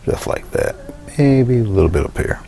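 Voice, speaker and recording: Working in an indoor studio, a male art instructor casually talks through a painting demonstration step by step, trailing off into quiet asides as he goes. His medium-pitched voice is expressive, with vocal fry, at a moderate pace.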